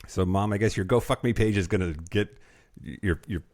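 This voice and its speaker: A man co-hosting a podcast in casual, playful, animated banter. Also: lowish voice, normal speed. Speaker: podcast co-host. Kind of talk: casual chat.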